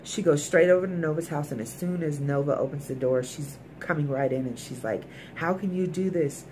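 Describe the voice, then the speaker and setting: A woman's voice: deep voice, fairly even intonation, fairly quick, warm tone, slight background noise. A woman recapping a TV episode in a casual, emphatic way, talking straight to her viewers. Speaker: TV episode reviewer.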